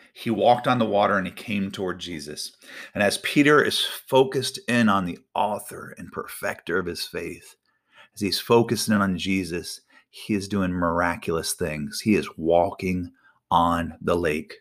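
A pastor delivers a sermon in a lowish male voice. He is animated, slowing down and stretching out key phrases to drive them home. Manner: animated preaching with drawn-out emphatic phrases.

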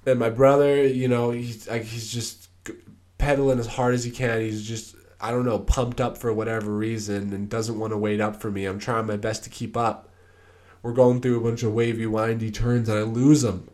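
A man's voice: mid-range voice, little pitch movement, normal speed, darkish tone. A young man hosting his own podcast, telling stories in a laid-back, rambling way with lots of fillers. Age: young adult. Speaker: podcast host. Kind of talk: casual solo podcast storytelling.

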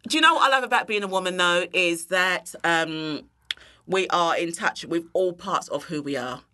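A woman with a low voice and a bright, forceful edge to it. She chats loosely in an interview, full of "um" and "you know". She breaks into laughter now and then. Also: moderate pace. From England. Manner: expressive, bursts of laughter, many fillers. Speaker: interview guest, cooking teacher. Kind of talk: casual chat.

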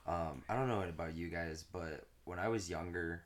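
A man telling a long, crude story to friends in a casual chat, animated and swearing, often laughing through his punchlines. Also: low-pitched, moderate pace.

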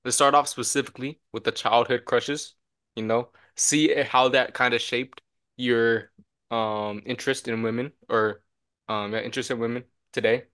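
A young man co-hosts a casual podcast and tells a story with lots of energy. He acts out every line of dialogue in it. His voice sits at an ordinary middle pitch. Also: normal speed, smooth. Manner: animated storyteller, acts out quotes with shouts. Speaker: podcast co-host.

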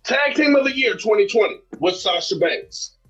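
A man's voice: sits high, animated, normal speed, a bit bright, slightly rough, soft background music. A man in a podcast debate giving a mock-formal rebuttal, theatrical and pleading, stammering at times. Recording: dull lo-fi sound.

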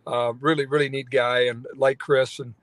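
A man's voice: medium pitch, flat delivery, normal speed, dry recording. Rambling man telling a story, dry sound. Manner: rambling, many fillers and restarts. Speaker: radio talk show host. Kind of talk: phone-in interview storytelling.

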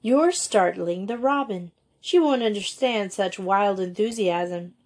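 A woman reading aloud voices a kindly, composed young headmistress who gives gentle, motherly instructions. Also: medium pitch, measured pace.

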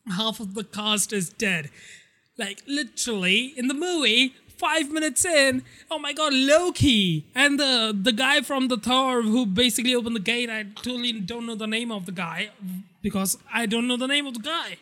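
Excitable high-voiced man ranting spoilers. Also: moderate pace. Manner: excitable, swears a lot, rambling. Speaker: podcast host. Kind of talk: casual spoiler podcast rant.

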